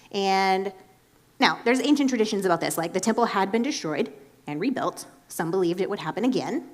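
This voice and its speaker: A woman preaching in a casual, chatty way, animated and filling her talk with "like.". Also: medium pitch, a little fast, a little hiss or hum. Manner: chatty and animated, heavy use of "like". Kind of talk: casual sermon.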